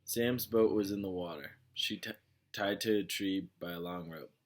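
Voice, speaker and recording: Low-voiced man reading a novel aloud. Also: normal speed. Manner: plain, with slips and restarts. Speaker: reader of a novel. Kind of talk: casual read-aloud.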